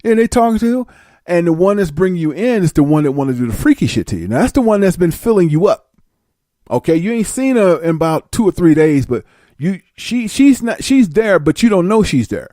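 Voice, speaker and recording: Man vlogger, lively blunt storyteller with a mellow voice, dry room. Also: a little high, a little fast, no room sound. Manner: animated, blunt and profane. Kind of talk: casual storytelling.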